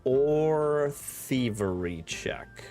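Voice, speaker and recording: A man's voice: mid-range voice, lively intonation, drawn-out words, dark tone, soft background music. Rambling male game master. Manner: loose, filler-heavy narration with restarts. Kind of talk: narrating a tabletop game.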